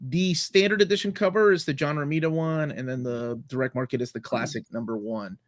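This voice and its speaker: On his casual video-call podcast, this Latin American host gushes about comic books, rambling and filling gaps with fillers. His voice sits on the high side with fairly even intonation, and he talks briskly in a dry recording.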